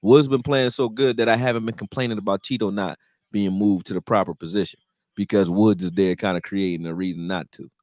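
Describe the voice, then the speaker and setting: A man hosting a live stream, chatting loosely with slang and getting loud and heated when reacting to plays. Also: lowish voice, steady tone, brisk, no echo, studio quality. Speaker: livestream host reacting to a football game. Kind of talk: casual live commentary chat.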